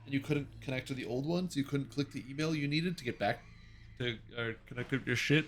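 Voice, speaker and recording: A man's voice: medium pitch, fast, sharp tone, faint music behind. A man streaming a game, chatting casually and rambling through joking asides. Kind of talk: casual chat while playing.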